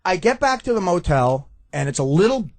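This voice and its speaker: Male radio guest, stammering storyteller, high and lively pitch. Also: fairly quick, creaky. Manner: stammering restarts, laughing while telling. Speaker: guest comedian. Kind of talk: animated storytelling on a radio show.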